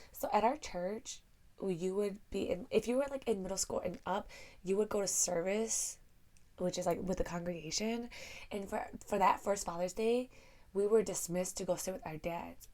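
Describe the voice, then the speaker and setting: A young woman co-hosting a podcast, telling stories earnestly with lively emphasis. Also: medium pitch, moderate pace. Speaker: podcast co-host. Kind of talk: casual conversation.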